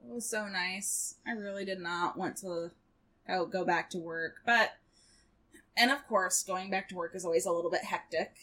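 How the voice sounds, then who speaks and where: A woman co-hosting a casual podcast chat from her bedroom, upbeat and quick to react. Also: on the low side, steady tone, fairly bright tone. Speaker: podcast co-host. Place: home bedroom.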